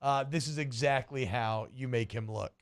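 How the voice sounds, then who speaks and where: A man hosting a casual sports radio show, telling stories in an animated way and laughing often. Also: mid-range voice, moderate pace, crowd noise.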